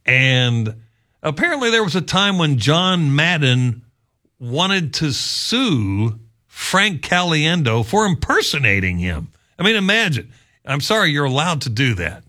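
A male sports radio host chatting in a lively, amused way. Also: a little high, measured pace. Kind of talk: casual talk show commentary.

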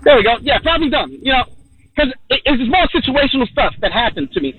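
Over a tinny phone line, a guest comedian from New York calls into a radio show, his very high-pitched voice very animated, quick, a bit bright, and breathy at the edge. He rambles through a comic personal story packed with "you know" fillers.

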